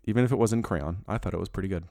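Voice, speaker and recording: A man in casual conversation about a movie, animated and opinionated, with jokey asides. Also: low voice, very fast, creaky, no room sound, clean studio sound.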